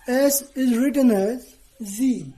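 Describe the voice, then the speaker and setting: Lady teacher, kinda high mellow voice, talks slow and careful to students. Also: rough recording. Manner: slow, deliberate, spells out letters and repeats "okay". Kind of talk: scripted lesson to students.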